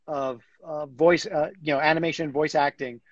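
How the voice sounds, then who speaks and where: A man chatting as a guest in an interview, animated and full of fillers and restarts. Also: on the high side, normal speed, no echo, highs cut off. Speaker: guest, comic book writer. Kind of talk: casual interview chat.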